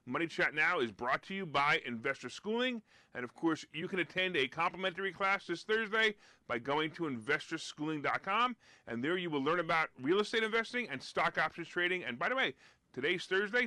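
On his live-streamed finance show, a US host delivers sarcastic, emphatic commentary, raising his volume at the punchlines. He speaks on the high side, with a dry, echo-free sound.

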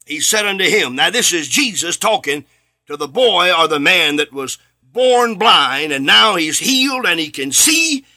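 Middle-aged preacher guy, high voice all over the place, bright and forceful, shouts then drops real low. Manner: impassioned, rising to shouts then dropping low; repeats phrases for emphasis. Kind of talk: sermon.

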